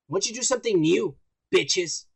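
High-voiced profane podcast co-host man. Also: expressive, normal speed, creaky, husky. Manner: profane, mocking, reads news aloud. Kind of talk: casual drunk banter.

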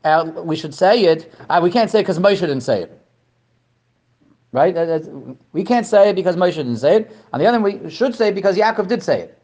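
A man giving a Torah lesson to a class, animated, asking questions and often repeating words. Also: high-pitched, a little fast. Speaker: Torah teacher. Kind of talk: lecture to a class.

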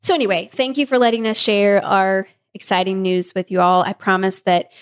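Pregnant woman telling a lively story. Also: medium pitch, moderate pace, clear, resonant tone. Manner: animated, laughing often, acting out family members' lines. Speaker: podcast co-host. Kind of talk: casual storytelling chat.

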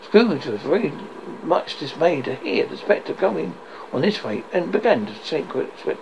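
A man's voice: a little high, big pitch swings, measured pace, gravelly, background noise. A man reading a classic story aloud. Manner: stumbling, self-correcting reading. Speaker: narrator.

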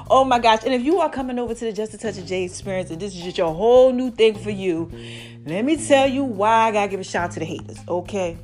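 Young woman vlogging, hyped and playful, bit high voice, faint music behind. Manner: animated, playful, calls listeners baby. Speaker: vlogger and podcast host. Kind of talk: casual chat to followers.

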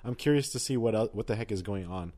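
A man's voice: on the low side, fast talker, a crowd in the background. A man co-hosting a casual podcast, rambling with hesitations and frequent laughs. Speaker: podcast co-host. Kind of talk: casual chat.

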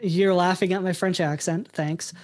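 A man's voice: sits high, steady tone, moderate pace, darkish tone. A man hosting a casual soccer podcast, talking with many ums and uhs as he moves between segments. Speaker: podcast host.

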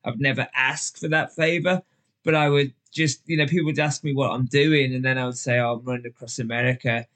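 A man with a Liverpool accent, a guest telling stories in a relaxed podcast chat, full of fillers and acted-out voices. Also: fairly high pitch, brisk. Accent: Liverpool English. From England. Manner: chatty storyteller, lots of fillers, acts out voices. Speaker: guest, ultra endurance runner.

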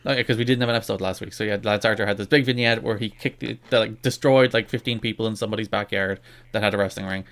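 A man co-hosting a podcast in casual chat, talking quickly and restarting his sentences often. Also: on the low side, fairly even intonation, fairly bright tone. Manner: quick, self-interrupting talk with frequent restarts. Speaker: podcast co-host.

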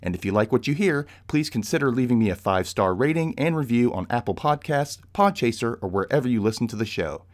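A man's voice: mid-range voice, animated, fast, few pauses. A man hosting a book podcast, chatty and upbeat, laughing often. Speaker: podcast host. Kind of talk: casual podcast chat.

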